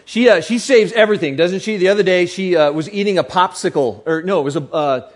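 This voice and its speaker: A man's voice: high voice, fairly quick. A man preaching a sermon to a live audience in a chatty, joking way, often asking the crowd questions.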